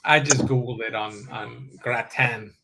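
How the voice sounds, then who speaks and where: A man in a casual chat who reads things aloud slowly and jokes along. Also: mid-range voice, fairly even intonation, heavy background noise.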